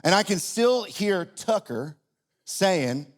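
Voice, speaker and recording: Conversational middle-aged pastor, fairly high voice. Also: male voice, sing-song, takes it slowly. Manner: conversational, self-deprecating, with frequent restarts. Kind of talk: sermon. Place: church auditorium.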